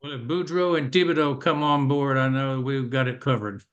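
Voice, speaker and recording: A man on a live webinar speaking haltingly, with a joking tone. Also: medium pitch, fairly even intonation, muffled recording.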